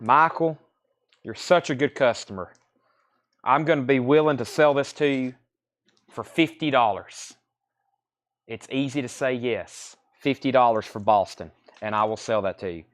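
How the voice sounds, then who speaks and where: A man runs a live online record sale, quoting prices in a loose, joking salesman's patter. His voice sits at a middling pitch for a man, and he keeps repeating his own catchphrases between items. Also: moderate pace, long pauses. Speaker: host selling records on a live stream.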